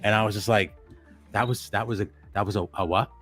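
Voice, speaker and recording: A man's voice: lowish voice, steady tone, a little fast, a bit bright, faint music behind. A young man telling a ghost story in a casual, profane, rambling way, restarting his sentences. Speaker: livestream co-host.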